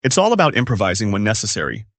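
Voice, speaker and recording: Explaining tips for English learners on a scripted podcast, a man co-hosting speaks very fast and upbeat. His mid-range, somewhat bright voice makes big pitch swings, captured in a dry, close recording without echo or room sound.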